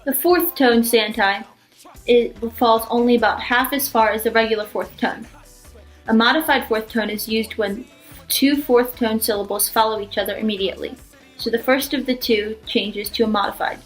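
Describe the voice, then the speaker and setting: A woman reading a scripted language lesson, explaining rules in a clear, steady way. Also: a little high, normal speed, soft background music, low-quality recording. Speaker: language teacher.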